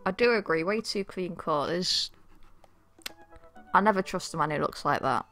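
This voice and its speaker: A woman's voice: fairly low pitch, lively intonation, moderate pace, soft background music. A woman chatting casually and swearing while she streams a game and reads its text aloud. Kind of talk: casual let's-play commentary.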